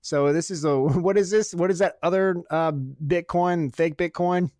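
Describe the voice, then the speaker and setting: A man's voice: on the high side, measured pace, a little mellow, no echo, studio quality. A man co-hosting a sports podcast, chatting casually, joking and swearing as he tells stories. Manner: profane, joking, storytelling. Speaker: podcast co-host.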